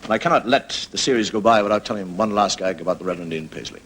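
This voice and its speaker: A man's voice: fairly low pitch, rapid-fire, heavy background noise. A man with an Irish accent hosting a comedy show, telling stories and jokes in a wry, conversational way. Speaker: comedian host. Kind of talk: stand-up storytelling monologue.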